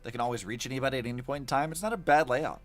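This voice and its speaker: A young man commenting casually on a game he is playing, chatty and animated with lots of fillers. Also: mid-range voice, racing, soft background music. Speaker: streamer.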